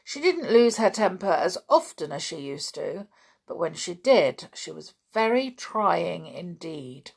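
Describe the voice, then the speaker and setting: Husky, creaky woman reading a storybook. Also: on the low side. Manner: measured, expressive. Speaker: narrator.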